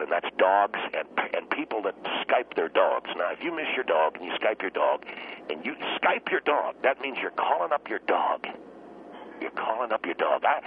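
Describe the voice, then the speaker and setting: An actor playing a hot-tempered teacher who guests on a talk show, ranting and stammering in loud bursts. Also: male voice, deep voice, phone-quality sound, a little hiss or hum. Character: blustering middle-aged male teacher, hot-tempered. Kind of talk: comedic radio talk show sketch.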